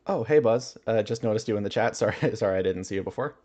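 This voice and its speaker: Low-voiced man chatting on a livestream. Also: fast talker, warm tone. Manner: musing aloud, chuckling often. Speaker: livestreamer reading chat. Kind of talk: casual livestream chat.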